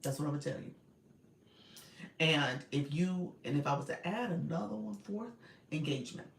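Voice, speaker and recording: Gravelly woman coaching live from her car. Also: low voice, normal speed, roomy sound, slight background noise. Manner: chatty, direct, laughs often. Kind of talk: casual livestream coaching. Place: inside a car.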